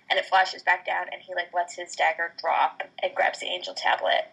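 Woman walking through a show scene, kinda husky voice, earnest. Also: lowish voice, little pitch movement, brisk, few pauses, a bit bright, poor audio. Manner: earnest, emphatic retelling with many fillers. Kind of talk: casual chat recapping a TV show.

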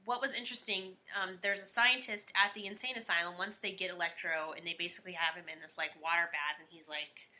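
Woman podcaster, very bright tone, rambly and casual with frequent swearing. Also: fairly low pitch, fairly even intonation, quick pace, few pauses. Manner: rambling, heavy on "like", swears, laughs often. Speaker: podcast co-host. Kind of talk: casual chat, film review.

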